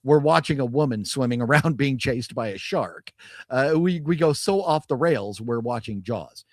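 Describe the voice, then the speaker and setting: Heard in studio quality with no echo, a man co-hosting a podcast chats loosely about a movie, laughing and restarting as he rambles. His voice is medium-pitched and a little mellow, with lively intonation and a normal pace.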